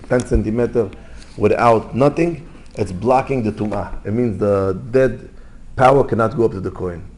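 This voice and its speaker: Rabbi with a mellow voice. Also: male voice, medium pitch. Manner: animated, swings from loud to hushed. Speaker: rabbi giving a Torah class. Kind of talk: Torah class storytelling.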